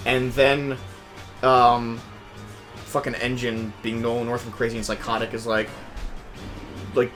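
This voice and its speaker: A young man telling a story in casual chat, animated and profane, swinging from low mutters to loud outbursts. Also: normal speed, faint music behind. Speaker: podcast host.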